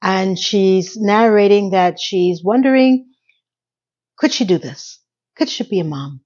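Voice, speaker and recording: A woman's voice: medium pitch, slow, a little mellow, lo-fi sound. A middle-aged woman giving a chatty, opinionated recap of a TV episode and offering life advice.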